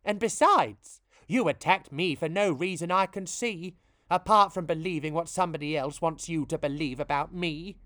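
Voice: medium pitch, normal speed, a bit bright, no echo, clean studio sound, close to an everyday voice. A reader voicing a good-natured goblin. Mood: reasoning.

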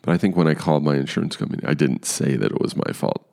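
Deep-voiced man telling a story with lots of swearing. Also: fast talker, gravelly. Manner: profane, animated storytelling. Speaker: podcast host. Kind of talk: casual storytelling monologue.

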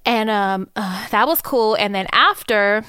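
A woman's voice: mid-range voice, measured pace, clean tone, dry recording, studio quality. A woman, co-hosting a podcast and telling stories in a loose, swearing, slang-heavy way. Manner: animated storyteller, swears freely, lots of slang. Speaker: podcast co-host. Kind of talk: casual chat.

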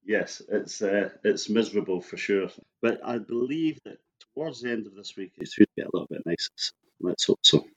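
A middle-aged Scottish man who grew up in Scotland, a guest in a casual interview, telling stories in a relaxed way and laughing easily. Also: lowish voice, brisk, few pauses, highs cut off.

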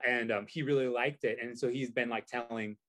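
A man's voice: mid-range voice, fairly even intonation, a little fast, a bit bright. A man telling a story in casual chat, rambling with many fillers and restarts. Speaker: guest.

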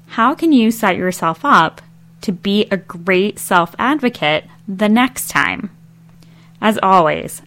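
A woman's voice: mid-range voice, fairly bright tone. A woman host delivering a scripted closing segment, speaking directly and motivatingly to listeners. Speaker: podcast host. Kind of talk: scripted outro address to listeners.

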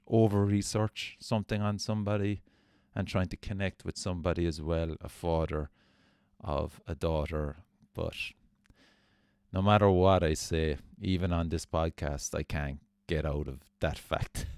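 A low-voiced man hosting a podcast, spinning a long, self-mocking story and swearing freely. He sounds close and dry, with no room around him. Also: a little mellow, clean tone, no echo. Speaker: podcast host. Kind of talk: casual storytelling.

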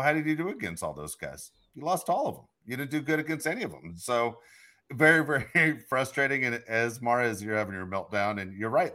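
A man co-hosting a sports podcast, talking in a frustrated, emphatic way. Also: mid-range voice. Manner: frustrated, emphatic, laughs loudly. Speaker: podcast host. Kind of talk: casual sports talk.

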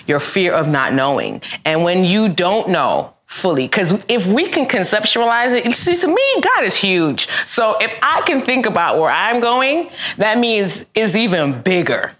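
A woman's voice: medium pitch, big pitch swings, measured pace, hardly any pauses, a bit bright. A woman guest speaking reflectively and earnestly about faith, often restarting her sentences. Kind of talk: faith talk conversation.

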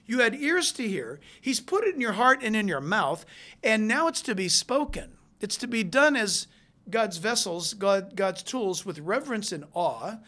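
A preacher delivering a sermon, moving between hushed, intense stretches and loud, emphatic ones. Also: medium pitch, big pitch swings, unhurried.

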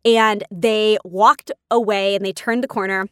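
A woman's voice: medium pitch, steady tone, unhurried, a bit bright, smooth, no echo, studio quality. A woman, a podcast host telling personal stories in a chatty, emotional way, often laughing. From California. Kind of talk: personal storytelling.

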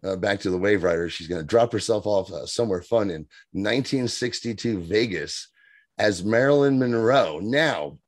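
A man's voice: fairly low pitch, expressive, moderate pace, dry recording, clean studio sound. A man co-hosting a podcast, chatting enthusiastically and often breaking off and restarting his sentences. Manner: enthusiastic, self-interrupting. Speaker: podcast co-host. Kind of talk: casual chat.

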